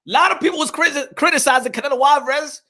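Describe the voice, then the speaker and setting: A man hosting a boxing vlog with a high, bright, ringing voice. He delivers loud, energetic commentary, shouts out viewers and drops in Spanish phrases. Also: very fast. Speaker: boxing channel host.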